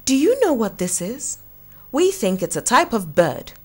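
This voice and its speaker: A squeaky, croaking little frog, put on by a woman reading to children. The voice sits high and bounces eagerly, with slow, storybook pacing. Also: very animated, full character voice.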